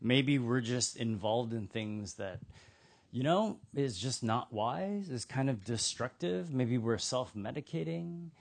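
A pastor preaching a sermon in a conversational, humorous storytelling manner, speaking to a church in Austin, Texas. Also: male voice, medium pitch, takes it slowly, creaky.

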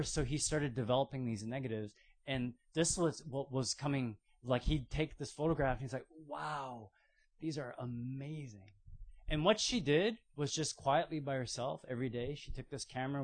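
A man preaching a sermon, retelling stories with playful acted-out voices. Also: medium pitch. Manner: storytelling with playful acted-out quotes. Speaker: pastor.

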